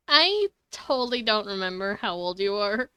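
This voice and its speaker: A woman's voice: a little high, fairly bright tone, smooth, no echo. A woman streaming a video game live, chatting casually, giggling often and swearing freely. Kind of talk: casual live gaming commentary.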